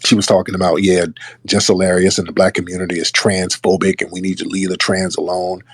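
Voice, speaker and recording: A man's voice: low voice, level tone, brisk, husky, dry recording. A man giving casual political commentary, emphatic and scornful. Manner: emphatic, scornful, mimics others. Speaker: online commentator.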